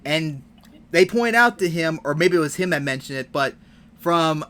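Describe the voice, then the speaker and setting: Guy hosting a chill podcast, bright voice, swings up and down a lot, gets worked up. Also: fairly high pitch, moderate pace. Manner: animated, emphatic, swears freely. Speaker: host. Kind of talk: casual podcast discussion.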